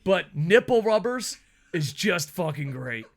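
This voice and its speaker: A man with a fairly high voice rants through his own wrestling commentary show. He swears freely, laughs often and gets excitable between asides. The delivery is loose and conversational rather than scripted. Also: measured pace. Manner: profane, excitable, laughs a lot. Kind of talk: casual opinion rant.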